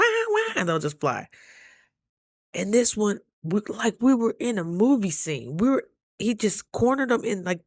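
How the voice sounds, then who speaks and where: A woman vlogger from Idaho chatting casually to camera, telling stories with animated, loud quoted asides. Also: mid-range voice, no room sound, studio quality.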